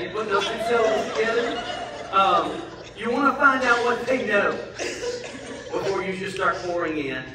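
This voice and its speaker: A man's voice: high voice, lively intonation, moderate pace, a crowd in the background, noisy background. A middle-aged man giving a church parenting talk, a folksy storyteller who acts out his children's lines. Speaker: guest speaker at a church parenting class. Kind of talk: church seminar talk with family anecdotes. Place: large church hall. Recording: echoey hall from a distant mic.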